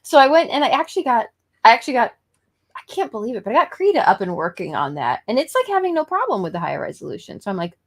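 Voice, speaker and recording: A woman guest artist in a casual chat, chatty and giggly, telling her story in an animated way. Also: on the high side, quick pace.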